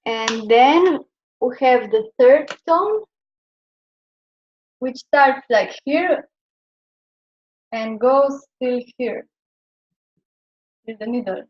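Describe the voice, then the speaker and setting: Her voice sits high and moves very slowly with frequent pauses. The young woman from Slovenia, teaching Chinese pronunciation in class, hesitates and leans on fillers, and the recording is dull and lo-fi.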